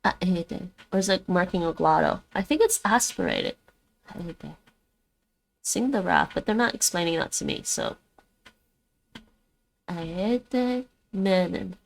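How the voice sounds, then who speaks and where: A woman's voice: lowish voice, wildly swooping pitch, fairly quick, vocal fry, hardly any pauses, rough recording. Woman thinking aloud while practicing words. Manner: thinks aloud, repeats words after the app. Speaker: streamer learning languages. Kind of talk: casual live-stream language practice.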